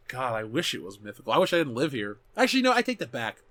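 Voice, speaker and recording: Animated man in his thirties, casual. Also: mid-range voice, quick pace, few pauses, dry recording. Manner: animated, swears often, self-correcting. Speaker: show host reading live chat. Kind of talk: casual chat.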